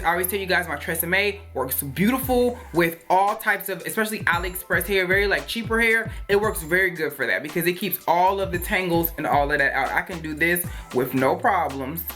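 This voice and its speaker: A woman's voice: lowish voice, bright, forceful tone. A woman reviewing hair products in a chatty, rambling way, with many fillers and playful jokes. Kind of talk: casual product review chat. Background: faint music.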